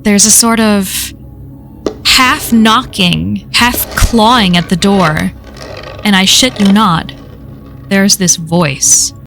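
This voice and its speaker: A woman's voice: mid-range voice, slow, fairly bright tone, soft background music. Woman casually reading a horror story. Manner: casual, profane first-person telling. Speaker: story reader.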